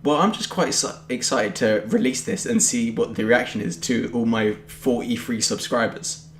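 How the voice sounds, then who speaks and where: A man's voice: medium pitch, normal speed, slight background noise. Rambling young man in an echoey room. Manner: rambling, offhand, jokey. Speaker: podcast co-host. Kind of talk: casual chat. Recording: roomy echoey home recording.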